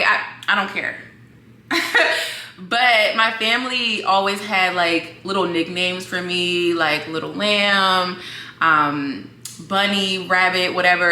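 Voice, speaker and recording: A woman's voice: fairly low pitch, bright, forceful tone, echoey room, a little hiss or hum. A young woman from Virginia telling a personal story to her viewers in a chatty, emotional way, calling them girl and y'all. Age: young adult. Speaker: vlogger. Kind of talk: casual storytelling to camera.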